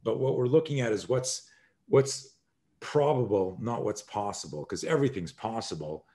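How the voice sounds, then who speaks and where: A man in his sixties, a self-defense instructor, telling stories in an energetic conversational way, acting out scenes with sudden shouted exclamations and frequent swearing. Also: fairly low pitch, moderate pace. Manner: energetic, emphatic, rambling explanations. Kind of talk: animated conversational storytelling.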